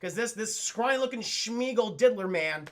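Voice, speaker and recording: Animated, profane man streaming a cartoon recap. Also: sits high, moderate pace. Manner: animated, addresses chat constantly, laughs often. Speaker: cartoon reviewer live-streaming to chat. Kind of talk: casual profane recap commentary.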